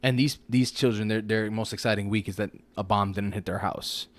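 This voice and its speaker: A man's voice: fairly low pitch, fairly even intonation, brisk. A man co-hosting a podcast in casual, slang-heavy chat, often asking "you know what I mean". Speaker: podcast co-host.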